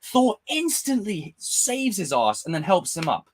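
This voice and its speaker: A man's voice: high-pitched, unhurried, slightly rough. A young man hosting a live stream, chatting casually and ranting with lots of swearing. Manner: animated, swearing, ranting fan. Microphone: desk mic with camera.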